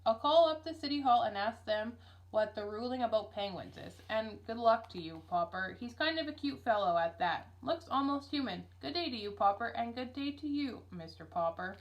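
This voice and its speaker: A woman voicing a puzzled, easygoing male policeman in a storybook reading, speaking slowly. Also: fairly high pitch, animated, muffled recording, lightly acted.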